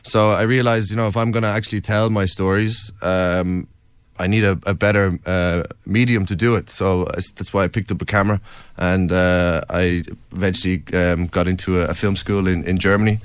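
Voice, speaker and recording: Young irish man, low voice, smooth and resonant, earnest filmmaker telling his story, dry close sound. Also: level tone, moderate pace, no room sound. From Ireland, County Wicklow. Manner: earnest, recounting in detail with many fillers. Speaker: documentary filmmaker guest. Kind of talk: interview storytelling.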